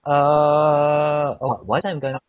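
A man's voice: fairly high pitch, flat delivery, slow, no room sound. A young man playing a video game with a friend, chatting casually in a hesitant way, repeating himself and stalling. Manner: hesitant, repeats words, often stalls with "wait". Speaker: game co-player. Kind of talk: casual let's-play chat. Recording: dull lo-fi home recording.

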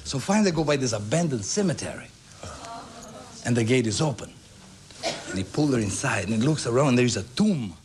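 A Brazilian-born man telling comic stories as a guest on a television talk show, breaking into squeaky voices for his characters. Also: lively intonation, fast talker, pauses often, a little mellow, slight background noise. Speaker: guest entertainer.

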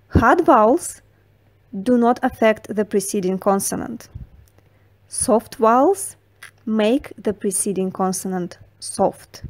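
A woman with a Russian accent narrating a diction tutorial, slow, precise and carefully enunciated. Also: fairly high pitch, darkish tone. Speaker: diction teacher.

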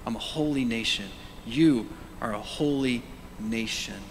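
A middle-aged male pastor preaching a sermon, animated, moving between loud calls and hushed whispers and prompting the congregation to say words aloud. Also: mid-range voice, measured pace, a little hiss or hum. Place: church sanctuary. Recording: long church reverb.

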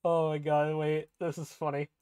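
A man's voice: on the high side, normal speed, clear, resonant tone, no room sound. Young guy streaming a game, laughs a lot, swears, dry close sound. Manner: excitable, laughing, swearing, thinking aloud. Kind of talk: live game stream commentary.

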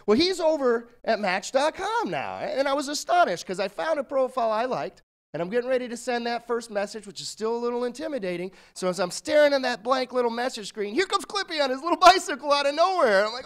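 Man, comedian, high voice, rambling self-deprecating stand-up storytelling. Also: animated, fast, a bit bright.

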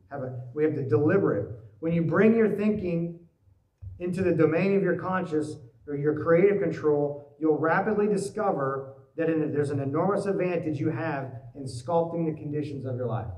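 A man preaching a sermon as pastor, telling stories in a lively way and acting out worried voices. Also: on the high side. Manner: animated storytelling, acts out worried voices. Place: church sanctuary. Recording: echoey church hall, mic at a distance.

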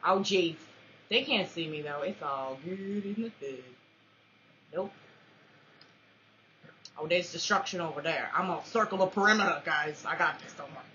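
A woman commentating her own shooter match, with playful trash talk, mock-formal quips and excitable yelps. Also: lowish voice, normal speed, pauses often, slight background noise. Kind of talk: let's-play commentary. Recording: dull lo-fi recording.

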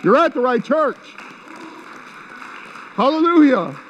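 A man's voice: extremely high pitch, sing-song, slow pace, a bit bright, a little hiss or hum. A middle-aged male pastor preaching a sermon in a church, fervent and repetitive, breaking into spoken prayers. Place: church sanctuary. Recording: muffled sound with long hall reverb.

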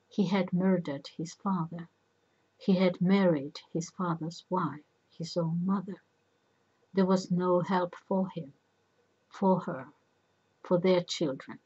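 A woman narrating a myth in a measured storybook reading. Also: fairly low pitch, mellow, slightly rough, lo-fi sound.

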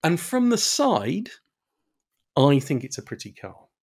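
A man co-hosting a podcast in casual chat, wry and hesitant, pausing often. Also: on the high side, huge pitch swings, darkish tone, breathy edge. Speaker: podcast co-host.

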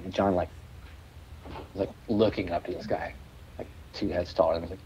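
A man's voice: deep voice, steady tone, moderate pace, long pauses, mellow, a little hiss or hum, low-quality recording. A man guest telling rambling stories in a casual interview, stammering, restarting and swearing freely. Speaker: musician guest.

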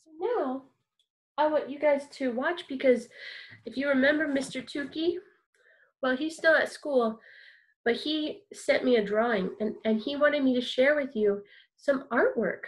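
A woman's voice: high-pitched, a little slow. A woman teaching a kindergarten music lesson online, talking to small children in a cheerful, encouraging way and keeping her words simple.

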